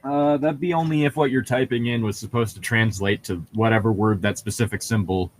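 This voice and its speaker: A man's voice: fairly low pitch, fairly even intonation, fairly quick, crowd noise. A young man co-hosting a casual podcast chat, rambling with lots of fillers and laughing often. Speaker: podcast co-host.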